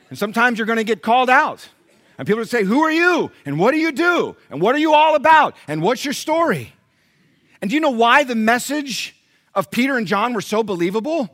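A man's voice: high-pitched, sing-song, fairly quick, a bit bright. A male pastor preaching a sermon to his congregation, mixing rhetorical questions with humorous personal stories. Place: church before a congregation.

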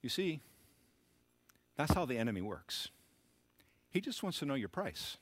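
A man preaching a sermon as pastor, emphatic and repetitive, rising to shouted bursts. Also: mid-range voice, very animated, measured pace, pauses often, breathy edge, no echo.

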